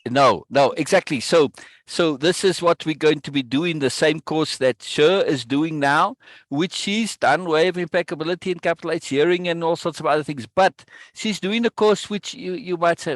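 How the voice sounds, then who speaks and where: A man leads a coaching session with an emphatic, insistent delivery, constantly checking in with his listener. His voice sits a little high for a man, and the recording is dry, with no room sound. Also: moderate pace, no room sound. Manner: emphatic, checks in with "right?" often.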